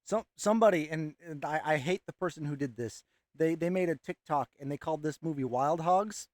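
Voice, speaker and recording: A man with a fairly high voice who steers a casual group chat, talking quickly as he moves things along. The sound is close and dry. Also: dry recording. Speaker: tier list host.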